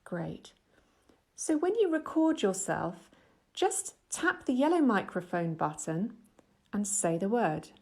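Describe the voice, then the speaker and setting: Middle-aged woman explaining clearly. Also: medium pitch, sing-song, a little mellow. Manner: clear, measured, patient explaining. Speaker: English teacher. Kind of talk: scripted instructional voice-over.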